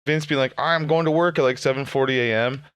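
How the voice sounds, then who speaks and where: A man's voice: a little high, steady tone, fast, fairly bright tone, clean tone, no room sound. A man co-hosting a podcast, riffing crude jokes in casual banter and laughing often. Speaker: podcast co-host.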